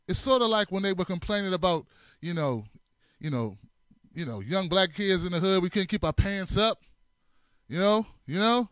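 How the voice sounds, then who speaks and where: A man hosting a comedic political commentary show, with a fairly high voice and an unhurried delivery. He is animated, repeats his lines for effect, and laughs often. The sound is dry and close. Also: smooth, no room sound. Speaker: host.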